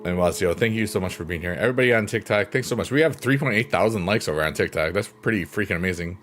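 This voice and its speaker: A man's voice: sits low, animated, fast talker, over music. Goofy upbeat man streaming live. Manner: goofy, upbeat, joking, laughing often. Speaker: livestream host. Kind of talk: casual livestream chat. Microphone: close mic, leans in.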